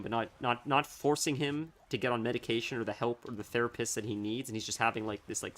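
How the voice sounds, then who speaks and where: A man streaming a game, chatting casually, thinking out loud in a rambling way and laughing easily. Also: medium pitch. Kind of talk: casual chat while gaming.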